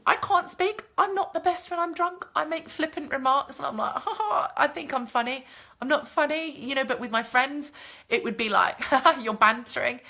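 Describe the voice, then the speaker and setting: A woman vlogger chatting casually and telling an animated story, swearing freely as she answers viewer comments. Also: sits high. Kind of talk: casual chat, live stream.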